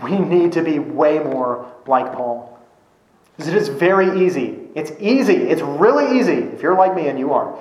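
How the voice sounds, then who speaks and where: Male preacher, slightly higher voice, earnest and emphatic, echoey room. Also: darkish tone. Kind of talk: sermon.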